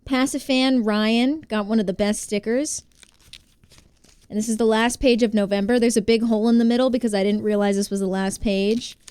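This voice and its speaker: Bubbly American woman streamer, slightly high, smooth and close on the mic. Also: fairly even intonation, moderate pace, darkish tone, no room sound. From United States. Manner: bubbly, chatty, greets viewers by name. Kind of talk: casual live-stream chat.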